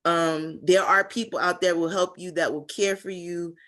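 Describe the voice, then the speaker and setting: Earnest low-voiced woman telling her story. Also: steady tone, moderate pace, fairly bright tone. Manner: earnest, heartfelt, many fillers. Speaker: conference speaker. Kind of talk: personal testimony talk.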